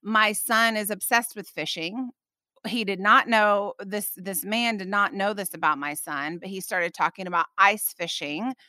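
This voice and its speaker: Podcast host, woman in her thirties. Bright, lively storyteller, close and dry. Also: medium pitch, unhurried, no room sound. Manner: animated, lively storyteller with frequent "okay?" asides. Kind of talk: casual storytelling.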